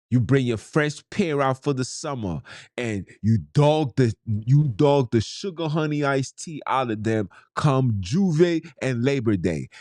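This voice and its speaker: A man's voice: medium pitch, unhurried, warm tone, no room sound, clean studio sound. A man, hosting a podcast in a blunt, heated, slangy monologue. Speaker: podcast host. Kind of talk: ranting monologue.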